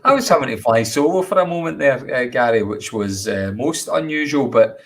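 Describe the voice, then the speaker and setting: A man's voice: medium pitch, lively intonation, brisk. A man with a Scottish accent hosting a casual live chat show, jokey and chatty. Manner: jokey, chatty, laughs often.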